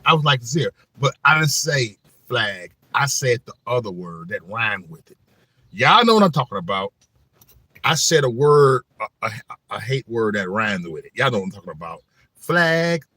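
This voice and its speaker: A man's voice: medium pitch, fairly bright tone. A middle-aged man hosting his own channel, telling rambling school stories in a slangy, joking way. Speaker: channel host. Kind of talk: casual storytelling monologue.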